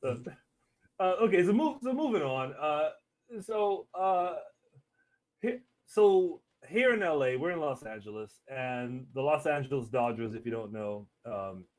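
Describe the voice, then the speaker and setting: A man hosting a podcast in casual chat, relaxed and laughing often, with stammers and restarts. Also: a little high, a little slow. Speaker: podcast host. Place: Los Angeles.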